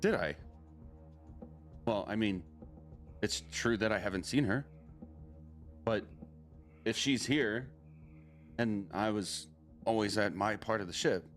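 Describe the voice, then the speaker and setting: Give me a man playing a blunt orc woman, plainly confused, with soft music under her. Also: lowish voice, slow, long pauses. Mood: puzzled. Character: blunt female orc ship's crew member.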